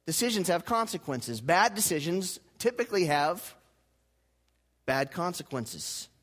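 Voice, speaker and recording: High-voiced preacher swinging loud and soft. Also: male voice, very animated, a little slow. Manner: wide swings from loud emphatic lines to low quiet ones; rhetorical questions and call-and-response with the congregation. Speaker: pastor. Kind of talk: sermon.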